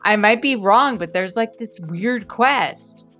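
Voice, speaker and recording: A woman's voice: medium pitch, expressive, slow pace, a bit bright, soft background music. A woman co-hosting a casual gaming podcast, laid-back, laughing easily and swearing casually. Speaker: podcast co-host.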